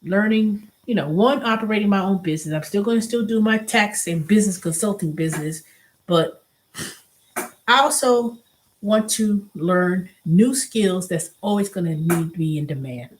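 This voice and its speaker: A woman's voice: mid-range voice, moderate pace, slight background noise. A middle-aged woman hosting a casual vlog, venting animatedly and often restarting and repeating herself. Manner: animated venting, acts out quoted voices. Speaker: show host.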